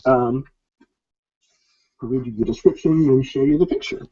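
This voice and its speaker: A man's voice: mid-range voice, moderate pace, mellow, breathy edge, no echo. Hesitant man running a tabletop game. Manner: hesitant, many ums while explaining. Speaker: game master. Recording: dull lo-fi sound.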